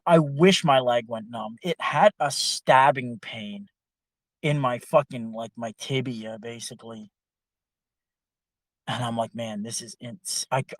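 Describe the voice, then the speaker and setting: Casual young male podcaster, profane and animated, dry close mic. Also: mid-range voice, dry recording. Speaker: podcast co-host. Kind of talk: casual storytelling chat.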